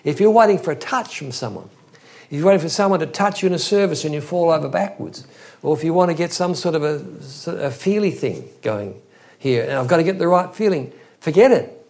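A man's voice: a little high, expressive, fairly quick, vocal fry, a little mellow. A man preaching an expository Bible teaching in an earnest, emphatic way, often restarting his phrases.

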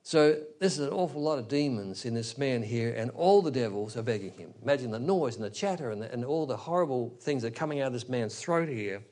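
A man's voice: mid-range voice, animated, a little fast, hardly any pauses, darkish tone. A man preaching a sermon, explaining a scripture passage verse by verse with rhetorical asides to his listeners. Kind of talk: expository sermon.

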